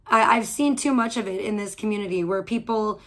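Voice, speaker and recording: Fairly quick and fairly bright, at a medium pitch, this woman's voice carries a heated home livestream, audio only, where she rambles profanely and keeps restarting her sentences.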